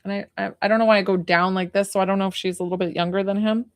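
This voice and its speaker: A woman's voice: medium pitch, fairly even intonation, rapid-fire, no echo. Rambling woman medium, dry close sound. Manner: rambling, filler-heavy, hesitant. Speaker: psychic medium. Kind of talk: live-streamed reading.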